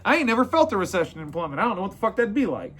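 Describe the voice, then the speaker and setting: Man, high-pitched, blunt and profane business owner, rambling talk. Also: very animated, rapid-fire, fairly bright tone. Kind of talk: casual motivational talk.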